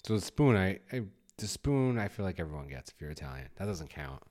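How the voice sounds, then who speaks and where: A man whose voice sits low chats casually at a fairly quick pace as co-host of a fatherhood podcast. In his forties, he tells stories animatedly and acts out how he scolded.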